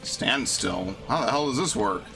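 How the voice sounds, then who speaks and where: A man's voice: mid-range voice, expressive, unhurried, creaky. Profane grumbling gamer man, game music behind. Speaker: gaming streamer. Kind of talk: casual live-stream commentary.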